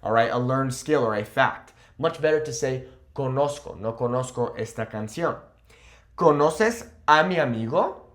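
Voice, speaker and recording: A young man teaching a Spanish lesson online, explaining patiently and repeating example phrases slowly. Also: medium pitch, animated, fairly bright tone.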